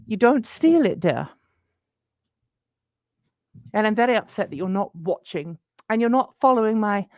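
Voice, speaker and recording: Lady putting on a pompous old queen, tells you off, kinda high, dry close sound. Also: no echo, highs cut off. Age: 179 as a joke figure; old. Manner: pompous, patronising scolding. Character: haughty ancient queenly woman, scolding. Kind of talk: comic in-character rant.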